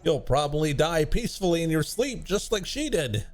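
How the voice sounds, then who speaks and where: A man doing a middle-aged father scolding his family in a shrill, strained voice. The pitch leaps up and down, and a faint music bed plays underneath. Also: big pitch swings, a little slow, a little mellow. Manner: exasperated, high-pitched scolding.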